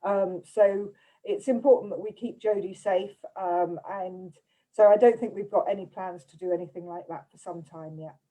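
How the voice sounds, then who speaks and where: A woman from the UK, a literary agent reading out audience questions and answering some herself in a relaxed way. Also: mid-range voice, moderate pace, rough recording. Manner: warm, relaxed, reads out questions with fillers. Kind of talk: casual chat.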